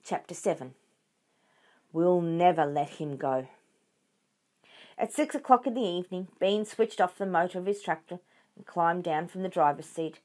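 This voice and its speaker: A woman reading a children's book aloud in a clear, expressive way. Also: on the low side, a little fast. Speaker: storyteller for children.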